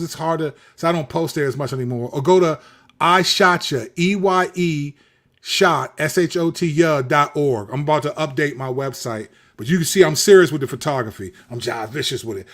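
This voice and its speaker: A middle-aged man from the Washington, D.C. area, host of his own channel, telling a personal story in a candid, animated, preacherly way with street slang and frequent repeats. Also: fairly high pitch.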